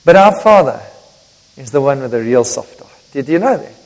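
Lively preacher in a reverberant hall. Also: male voice, medium pitch, moderate pace. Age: older. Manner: emphatic preaching with sudden loud and quiet swings; jokes and talks directly to the congregation. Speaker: pastor. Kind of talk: sermon. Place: church hall.

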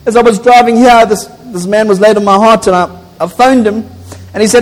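A man's voice: high voice, fairly even intonation, brisk. A man, a pastor preaching an impassioned, emphatic sermon in a church. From South Africa. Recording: echoey church hall.

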